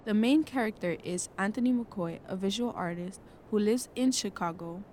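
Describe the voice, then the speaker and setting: A woman's voice: medium pitch, normal speed, a little mellow, slight background noise. Chatty, dramatic teenage girl. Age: late teens. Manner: chatty and dramatic, playfully spooked. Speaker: podcast host reviewing a film. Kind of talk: casual solo podcast review.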